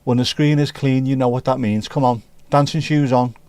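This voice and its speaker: A man's voice: mid-range voice, steady tone, moderate pace, darkish tone, clear, resonant tone, no room sound. A man with a Scouse accent hosting a casual livestream, chatting with viewers and bantering as he reads the chat. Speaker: livestream host.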